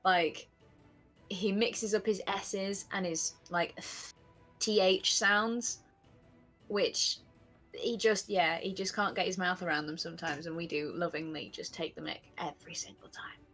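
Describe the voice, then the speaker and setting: A woman's voice: on the low side, steady tone, a little slow, a bit bright, soft background music. A woman chatting casually as a guest in an online lesson. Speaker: student guest. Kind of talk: casual chat. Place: online voice call on a livestream.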